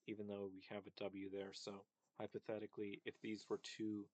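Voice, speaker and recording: A man's voice: on the low side, completely flat delivery, a little fast, a little mellow, no echo. A man giving a casual, hesitant lecture on linguistics, full of fillers and repeated sound demonstrations. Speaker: linguistics presenter.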